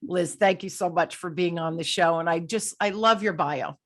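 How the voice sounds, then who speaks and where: A woman's voice: fairly low pitch, moderate pace, a bit bright. A middle-aged woman hosting an interview show, telling a candid story and acting out her own thoughts. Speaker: podcast host. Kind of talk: conversational interview.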